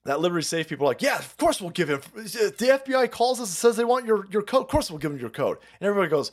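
A middle-aged man hosting a profane political livestream, loud and rambling, reading out viewer messages with frequent laughter. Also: high voice, very animated, rapid-fire, few pauses. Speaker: livestream host.

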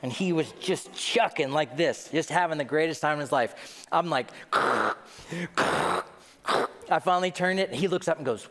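A man's voice: on the high side, expressive, normal speed, a bit bright. A middle-aged man preaching a sermon as a pastor, telling stories with self-deprecating humor. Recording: long hall reverb.

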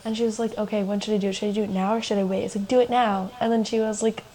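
Speaking rapid-fire with fairly even intonation, a young woman with a mellow, mid-range voice co-hosts a podcast. She tells a personal story casually, saying "like" often and laughing in asides, on a rough recording.

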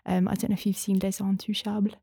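A woman's voice: mid-range voice, little pitch movement, fast, creaky, mellow, breathy edge, dry recording, clean studio sound. A young woman in casual conversation, talking in a chatty, rambling way with many fillers. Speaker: interview guest, former language student.

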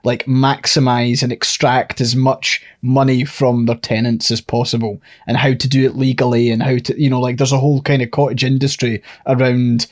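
A man's voice: mid-range voice, little pitch movement, normal speed, few pauses. Rambling, sweary man. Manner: rambling, sweary, laughs loudly. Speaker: podcast co-host. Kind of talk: casual chat.

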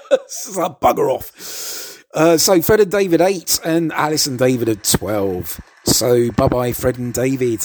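A man's voice: mid-range voice, a little slow, few pauses, darkish tone, a little hiss or hum. A man giving casual, hesitant commentary over an old TV show, stammering and adding chuckling asides.

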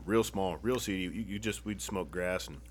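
A man's voice: low-pitched, moderate pace, slight background noise. A man telling stories in a casual, profane, rambling chat, hosting the show on headphones and a studio mic.

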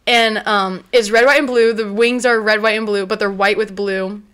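A young woman talks casually with a friend about a show she loves. She is excitable and breaks into high squeals and shouts when something thrills her. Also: moderate pace, clean tone. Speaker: co-host. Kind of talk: casual fan discussion.

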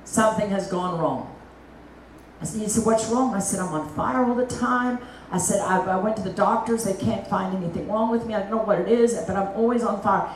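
A middle-aged woman evangelist gives a lively testimony sermon, full of folksy asides. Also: mid-range voice, fairly quick, a little hiss or hum. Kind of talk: testimony preaching. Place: church meeting hall. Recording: echoey hall, mic at a distance.

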